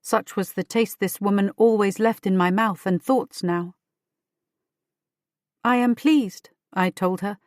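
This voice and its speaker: A woman giving a measured first-person audiobook narration. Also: mid-range voice, steady tone, darkish tone, no room sound, studio quality. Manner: measured, storytelling.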